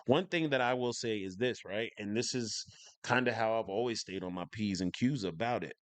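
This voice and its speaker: A man's voice: fairly low pitch, normal speed, no room sound. A man from the northern United States giving casual reaction commentary as a channel host, speaking emphatically and enunciating every word, repeating his points for stress. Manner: emphatic, clearly enunciated, opinionated.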